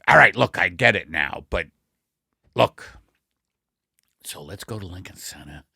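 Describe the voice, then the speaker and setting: A man's voice: expressive, unhurried, sharp tone, no room sound, clean studio sound, exaggerated voice. Al, a man doing a mumbling hapless husband. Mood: sheepish. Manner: low, gravelly, mumbling and sheepish. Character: bumbling middle-aged husband Al, hapless and apologetic. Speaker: comedy podcast co-host. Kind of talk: improvised comedy sketch.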